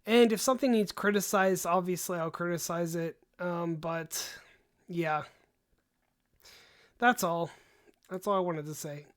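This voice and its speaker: A young man chatting on a livestream into a desk mic, rambling and animated, breaking off for sighs and quick asides. His voice is starting to tire after long hours of talking. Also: sits high. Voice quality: voice tiring, gives out after long talk. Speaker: host. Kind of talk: casual livestream chat.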